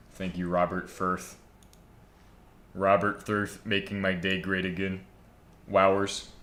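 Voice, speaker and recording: A man's voice: on the low side, fairly bright tone. A man casually chatting on a live stream, joking around and reading viewer comments aloud while he builds a server. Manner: joking, rambling, reads chat aloud.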